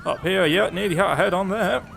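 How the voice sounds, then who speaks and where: A young man giving chatty, sarcastic commentary over his own police-driving gameplay, with sudden excited outbursts. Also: high-pitched, brisk, vocal fry, a little hiss or hum. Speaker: gaming YouTuber.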